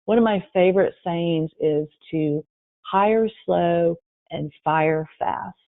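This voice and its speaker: A woman presents a webinar, telling workplace stories with lively quoted voices. Her voice comes through a thin, phone-like line with no room sound at all. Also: lowish voice, takes it slowly, gravelly, no room sound. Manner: lively storytelling, acting out quotes. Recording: tinny phone-line audio.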